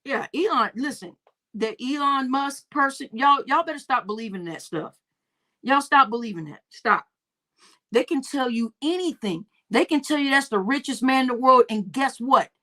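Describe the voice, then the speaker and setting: A young woman hosts her livestream in a bright, slightly high voice. She chats casually and swears freely. She laughs as she reads viewer comments and acts out the people in her stories. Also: normal speed. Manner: laughing, profane, storytelling with acted quotes. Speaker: livestream host.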